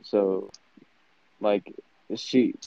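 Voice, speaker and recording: A man's voice: on the low side, fairly even intonation, very slow, vocal fry, crowd noise. A man telling a rambling, joking story in a casual group chat, full of slang. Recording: slightly dull lo-fi sound.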